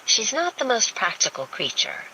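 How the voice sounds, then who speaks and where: A woman's voice: fairly high pitch, huge pitch swings, normal speed, a little hiss or hum, voice pushed up, full character voice, rough recording. A woman voicing a brash, sardonic young redheaded woman who gripes sharply. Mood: exasperated. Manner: sharp, exasperated griping.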